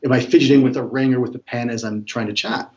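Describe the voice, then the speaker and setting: Fast-talking man explaining body language. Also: medium pitch, highs cut off. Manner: energetic, animated, acts out examples. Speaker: body language expert guest. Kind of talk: explanatory interview talk.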